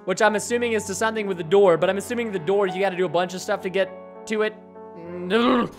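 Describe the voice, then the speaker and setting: A young man doing horror game commentary, excitable and panicky, often yelping and shouting and taunting the game. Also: high-pitched, fast, soft background music. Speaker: gaming YouTuber.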